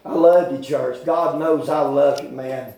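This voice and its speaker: A man preaching a folksy, rambling sermon with sudden shouted bursts in a church. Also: medium pitch, steady tone, measured pace. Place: church hall. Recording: very echoey church from far off.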